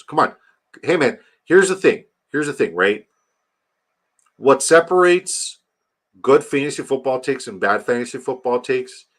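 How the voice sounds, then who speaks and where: A man hosting a casual fantasy football livestream, animated and swearing freely as he reads viewer comments aloud. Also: mid-range voice. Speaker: livestream host reading chat.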